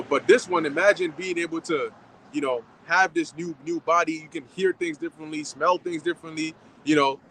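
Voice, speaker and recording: A man adding his own thoughts at a church gathering, speaking in a halting way full of fillers and restarts. His voice sits a little high for a man. Faint background noise runs under his voice. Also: fairly bright tone, rough recording. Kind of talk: informal sermon remarks.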